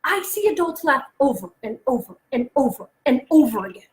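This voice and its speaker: A woman in her thirties presenting alone to parents, chatty and animated, acting out her son's jokes as she goes. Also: high voice, a little fast, reverberant, poor audio. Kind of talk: solo online talk to parents. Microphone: close mic, alone presenting online.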